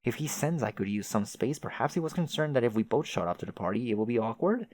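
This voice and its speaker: A man's voice: mid-range voice, lively intonation, fast talker, darkish tone, dry recording, close to an everyday voice. A man voicing a chatty, oblivious young male adventurer who rambles with old-fashioned folksy exclamations. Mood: rambling.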